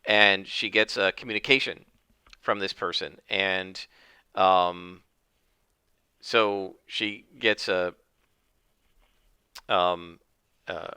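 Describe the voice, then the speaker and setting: A man's voice: low voice, fairly even intonation, very slow, pauses often, bright, forceful tone, clear, resonant tone, dry recording. A man narrating his solo tabletop game, thinking aloud with many fillers.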